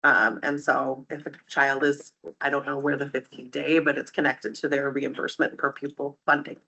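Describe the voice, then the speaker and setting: A man's voice: mid-range voice, monotone, moderate pace, gravelly, pushed and bright, breathy edge. A man at a public board meeting who asks clarifying questions and answers with hesitant fillers. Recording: dull lo-fi meeting recording.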